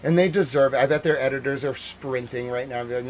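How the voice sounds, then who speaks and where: A man's voice: medium pitch, a little mellow, slight background noise. Man ranting on a livestream. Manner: exasperated ranting, then measured formal report. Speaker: independent war reporter. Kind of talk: livestream news commentary.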